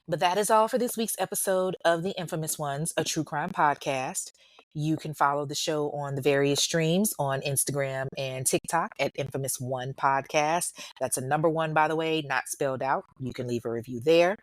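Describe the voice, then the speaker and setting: A lower-voiced woman hosting a true crime podcast, recorded dry and close with no room sound. She talks in a blunt, outspoken way, curses freely and chats informally with her listeners. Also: moderate pace, dry recording. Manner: chatty, informal, addresses listeners as y'all. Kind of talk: casual podcast chat and outro.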